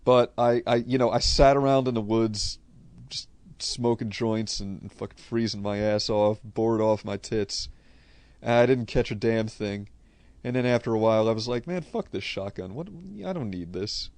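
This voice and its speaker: A man's voice: lowish voice, level tone, moderate pace, darkish tone, clear, resonant tone, no echo. A man from Connecticut with a New England accent, chatting casually and bluntly, swearing freely as he answers viewer questions. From Connecticut, USA. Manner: profane, blunt, rambling. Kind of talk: casual unscripted chat.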